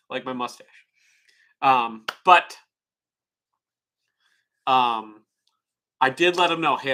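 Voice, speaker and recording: A man's voice: mid-range voice, sharp tone. A man streamer chatting casually and rambling frankly, swearing freely. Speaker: livestreamer. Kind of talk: casual livestream chat.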